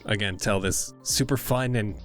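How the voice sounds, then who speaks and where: A man's voice: fairly low pitch, moderate pace, soft background music. A man hosting a tabletop podcast, reading out listener questions and thanking the cast in a friendly way. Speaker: podcast host.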